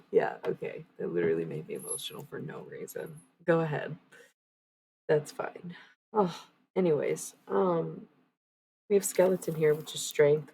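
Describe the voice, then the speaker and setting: A woman's voice: low voice, vocal fry, a little mellow, slight background noise, poor audio. A woman livestreaming oracle card readings, chatting loosely with viewers, using many fillers and swearing bluntly. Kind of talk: casual live-stream chat with viewers.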